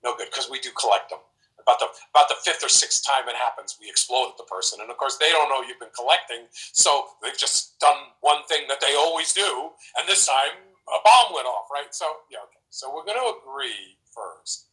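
A man giving relationship advice in a casual, animated way, acting out example conversations as he explains. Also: mid-range voice, moderate pace, poor audio. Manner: animated, acts out example dialogues.

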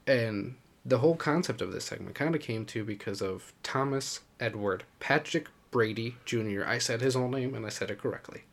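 A man's voice: medium pitch, a little fast, hardly any pauses. A man co-hosting a podcast, chatting casually about sports, rambling and laughing often. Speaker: podcast co-host.

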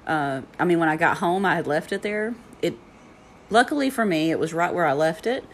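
Woman rambling on her podcast at home, lowish voice, laughs a lot, heater rattling faintly in the back. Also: lively intonation, a little fast, slight background noise. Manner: rambling, chatty storytelling with frequent laughs. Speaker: meditation and yoga teacher, podcast host. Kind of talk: casual solo podcast chat.

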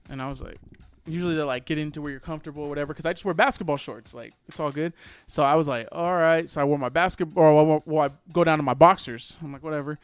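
A man's voice: fairly high pitch, background noise. A young man telling a wild story in casual, profane podcast chat.

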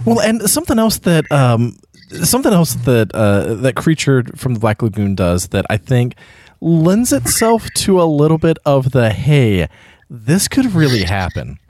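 A man's voice: mid-range voice, normal speed, dry recording. Guy on a podcast mic, voice jumps all over, joking film chat, dry close sound. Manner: animated, joking, puts on mock narrator voices. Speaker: podcast co-host. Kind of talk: casual film discussion.

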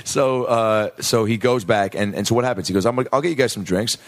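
A man's voice: on the low side, fairly quick. A man telling a shared bar story in a casual chat, adding asides and acting out quotes. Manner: laid-back, chimes in with asides. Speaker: comedian guest.

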